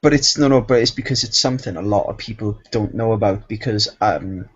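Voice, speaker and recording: A man's voice: on the low side, brisk, a little hiss or hum. A man chatting hesitantly on a live stream about his video channel, full of stops and fillers. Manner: hesitant, many fillers and restarts. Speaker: guest YouTuber. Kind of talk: casual live-stream chat. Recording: dull lo-fi sound.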